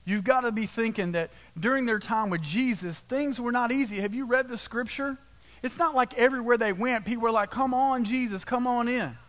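A man's voice: sits high, fairly bright tone. A man preaching a conversational sermon as a pastor at a church service, casual and direct, peppered with rhetorical questions.

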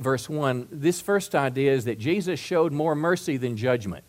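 A man preaching a sermon as pastor, folksy and conversational, asking his listeners question after question and stumbling over repeated words when he gets going. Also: on the high side. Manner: asks the crowd many rhetorical questions.

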